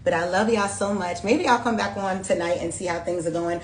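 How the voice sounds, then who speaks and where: A woman's voice: on the low side, fairly even intonation, brisk, roomy sound, a little hiss or hum. A woman giving a casual tarot reading to her viewers, chatty and urgent, repeating herself for emphasis. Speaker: tarot reader.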